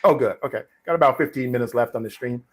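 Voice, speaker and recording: A middle-aged man hosts a casual live stream from his home studio, chatting about acting. He rambles through anecdotes with plenty of fillers and restarted phrases. His voice sits at an ordinary middle pitch. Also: fast, slightly rough. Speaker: live stream host, actor.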